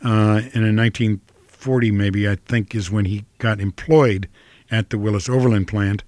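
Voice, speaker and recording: Older Midwestern man, low, halting. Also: steady tone, a little mellow, no echo. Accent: flat Midwestern American. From Ohio, US Midwest. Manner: hesitant, many fillers and restarts. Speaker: actor, interview guest. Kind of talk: reflective interview answers.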